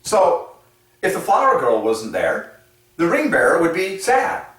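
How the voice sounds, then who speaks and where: A man hosting a casual explanatory monologue in a playful, animated way, often chuckling at his own asides. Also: on the high side, a little slow. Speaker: channel host presenting number patterns. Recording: echoey room, mic set at a distance.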